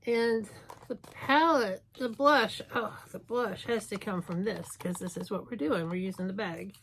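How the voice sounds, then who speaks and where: Woman in her 50s doing a makeup vlog, unhurried, rambly and self-mocking, medium voice. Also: mid-range voice, noisy background. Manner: chatty, self-mocking, thinking aloud while applying makeup. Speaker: beauty vlogger. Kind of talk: casual makeup tutorial chat.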